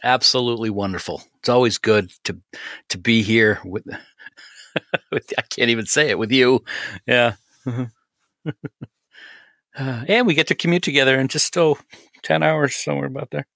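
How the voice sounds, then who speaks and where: A man's voice: mid-range voice, normal speed, vocal fry, pauses often, fairly bright tone, dry recording, studio quality. A man co-hosting a podcast, chatting casually and trading playful jabs. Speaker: podcast co-host.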